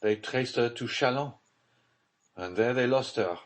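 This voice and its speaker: A man voicing a haunted aristocratic official in an audiobook, speaking in a grave, hushed, brooding tone. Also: medium pitch, measured pace, voice pushed up, lightly acted. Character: haunted scheming nobleman, secretive and grave.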